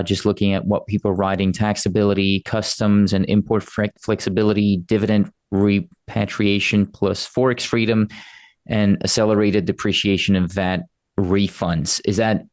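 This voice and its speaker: A man's voice: lowish voice, level tone, normal speed, darkish tone, no echo, studio quality. A man hosting a business interview, casually summarizing points for listeners and asking follow-up questions. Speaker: interview host.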